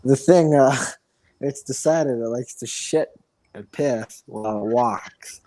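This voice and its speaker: A man's voice: medium pitch, takes it slowly, warm tone. A man co-hosting a casual podcast, telling laid-back, profane anecdotes with lots of fillers. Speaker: podcast co-host. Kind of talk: casual chat.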